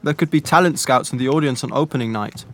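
A man's voice: medium pitch, quick pace, a bit bright, slight background noise, close to an everyday voice. A man playing Ross, an ambitious, self-important teenage schoolboy actor. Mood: boastful.

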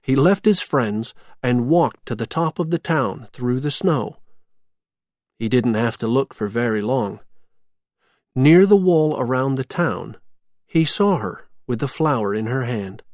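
A man reading a children's storybook aloud as narrator, in a slow, expressive read-aloud manner. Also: medium pitch, dry recording, studio quality.

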